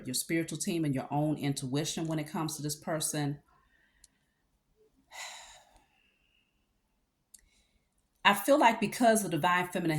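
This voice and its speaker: A woman with a low voice talks through a tarot reading in an easygoing, conversational way. She stops often to check in with her listener and fills the pauses with casual asides. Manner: conversational, with fillers and check-ins. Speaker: tarot reader.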